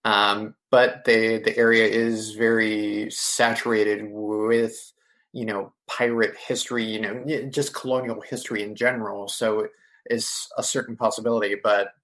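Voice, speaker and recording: A man who is a podcast guest, telling a vivid first-person story in a casual interview and filling pauses with "you know". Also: on the low side, flat delivery, fairly bright tone. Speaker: podcast guest, ghost tour guide.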